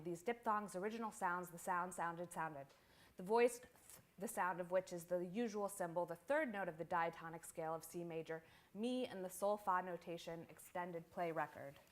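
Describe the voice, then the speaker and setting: Woman reciting poetry in measured incantation. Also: on the low side, fairly bright tone. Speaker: poet. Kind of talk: poetry reading. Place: small performance venue.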